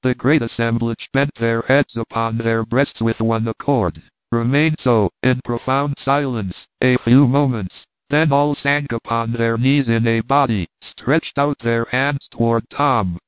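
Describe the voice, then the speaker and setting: A man narrating a classic novel in a steady, measured reading. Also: medium pitch, clean tone, no room sound. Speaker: audiobook narrator. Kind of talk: storybook narration. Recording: dry tinny phone-like sound.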